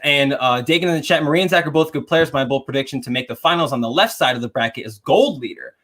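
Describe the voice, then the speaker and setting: A man's voice: mid-range voice, fast talker, a bit bright. A young man co-hosting a casual podcast, giving firm opinions and answering the live chat. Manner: confident, reads chat aloud, emphatic opinions. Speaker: podcast co-host.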